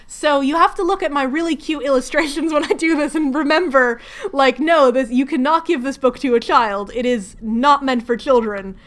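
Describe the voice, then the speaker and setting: Woman host, high voice, rambly self-deprecating craft-stream chatter. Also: fairly bright tone. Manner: chatty, rambling, laughing at herself. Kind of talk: casual livestream chat while crafting.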